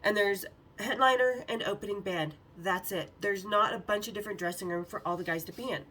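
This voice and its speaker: A woman's voice: medium pitch, fairly quick, sharp tone, distant mic. A woman hosting her own show, telling stories in a frank, profane way and laughing often. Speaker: podcast host. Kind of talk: candid storytelling.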